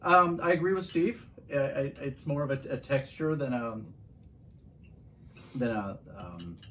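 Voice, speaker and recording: A man with a mid-pitched voice gives his tasting verdict in a relaxed chat. He halts, stumbles and restarts his sentences while he thinks. Faint noise sits behind him. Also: measured pace. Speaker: guest taster.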